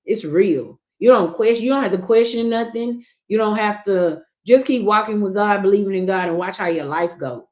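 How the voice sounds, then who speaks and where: A woman's voice: mid-range voice, moderate pace, few pauses. Woman talking frankly over a tinny line. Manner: earnest, frank, talks in starts and restarts. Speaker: livestream guest sharing her grief. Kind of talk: candid casual talk.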